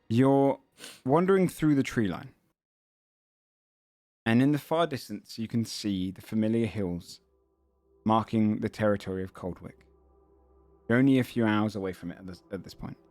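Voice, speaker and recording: A man narrating a tabletop fantasy game as game master, halting with frequent ums and self-corrections. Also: fairly low pitch, darkish tone, no room sound.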